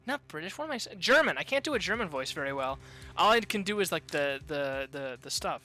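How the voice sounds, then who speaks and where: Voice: mid-range voice, sing-song, brisk, bright, forceful tone, soft background music. A streamer chatting and reading game lines with joking asides. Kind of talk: casual game commentary.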